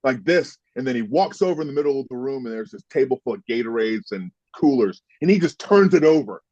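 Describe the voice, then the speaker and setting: This American former football player, now in his fifties, recounts stories animatedly during an interview, getting heated and swearing at times. He speaks fast at a medium pitch, with a slightly mellow quality. The sound is dry and a bit dull.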